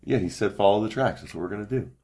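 Hesitant deep-voiced male player. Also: rapid-fire, dark tone. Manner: hesitant, musing. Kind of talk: casual tabletop play.

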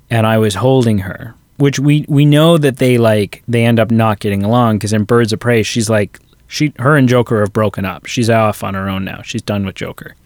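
In a fairly low, slightly mellow voice, a man co-hosting a podcast talks loosely about a film, recounting scenes and repeating quoted lines. There's no room sound.

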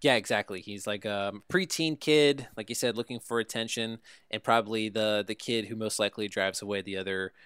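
A man's voice: on the low side, steady tone, brisk, hardly any pauses, fairly bright tone, clean tone, no room sound, studio quality. A man hosting a podcast, recapping a TV episode in easy conversational chat and often checking in with "right?". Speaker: podcast host recapping a TV show. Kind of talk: casual review chat.

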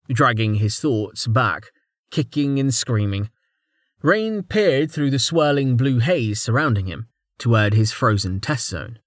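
Male fantasy audiobook narrator, lively and expressive, dry close sound. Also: medium pitch, unhurried, no echo. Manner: expressive storytelling. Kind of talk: scripted narration.

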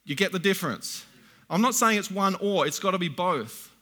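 A middle-aged man delivering a sermon in a bright, slightly higher voice. He reads scripture slowly and deliberately, then breaks into plain, conversational asides to his listeners. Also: lively intonation. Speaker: preacher.

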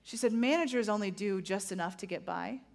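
A woman in her thirties preaching a sermon in a conversational, animated way, often checking in with the audience. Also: mid-range voice, a little fast, gravelly. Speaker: pastor.

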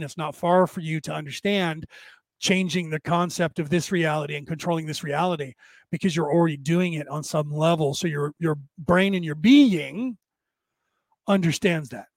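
A man's voice: on the high side, no room sound. A man hosting a casual livestream, talking with viewers in a rambling, chuckling way while his voice tires and strains. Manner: rambling, chuckling, searching for words. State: tiring, strained voice. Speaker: livestream host and minister.

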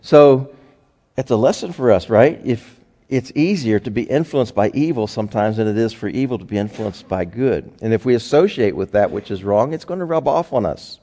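A man's voice: mid-range voice, expressive, moderate pace, warm tone. A man preaching a sermon in a folksy, conversational way, telling homespun stories. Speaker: pastor. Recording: long hall reverb.

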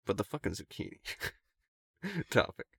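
A man's voice: fairly low pitch, big pitch swings, takes it slowly, creaky, fairly bright tone. A man casually telling a long story to friends, swearing and laughing as he goes.

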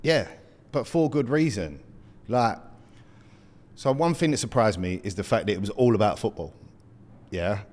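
A man's voice: fairly low pitch, animated, normal speed, pauses often, darkish tone, in a large hall. A man, co-hosting a podcast in chatty, sweary banter. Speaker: podcast co-host. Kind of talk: casual banter.

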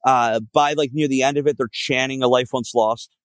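This clip is dry and features a mid-range male voice at a moderate pace and steady tone. He's a podcast guest and band frontman from around Philadelphia, casually spinning a long road story that wanders, curses and leans on fillers.

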